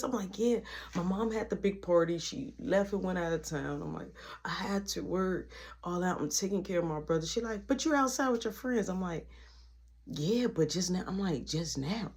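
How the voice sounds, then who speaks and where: A young man tells a casual storytime in a high voice that swings up and down. He acts out each quote with animation and sometimes sinks into a hushed voice. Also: expressive, normal speed. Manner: drops to a hushed voice for tender moments.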